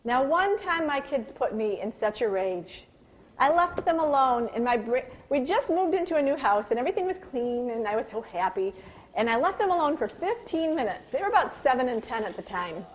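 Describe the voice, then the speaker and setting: Speaking fairly quickly in a fairly high voice, a woman runs a live parenting workshop, sharing personal stories with animation and asking the audience questions. She acts out shouted lines in a loud, high voice; the lo-fi recording is dull, with slight background noise.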